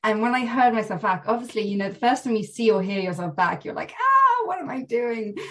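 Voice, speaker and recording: A woman guest on a podcast chats about her acting work. Her voice sits at a middling pitch. She tells her stories in an easy, animated way. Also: quick pace. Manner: chatty, animated storytelling with light laughs. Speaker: actress guest. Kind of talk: casual podcast interview.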